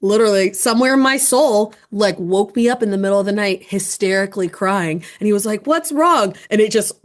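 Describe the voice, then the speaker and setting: A woman's voice: medium pitch, fairly even intonation, fairly quick. Earnest reflective woman co-host. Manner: earnest, reflective, soft-spoken at times. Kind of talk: casual podcast conversation.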